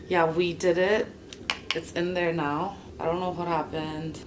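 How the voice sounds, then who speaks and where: A woman's voice: on the low side, fairly even intonation, normal speed, slight background noise. A young woman chatting and swearing freely as she vlogs herself fixing something. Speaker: vlogger. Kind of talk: casual vlog narration while working.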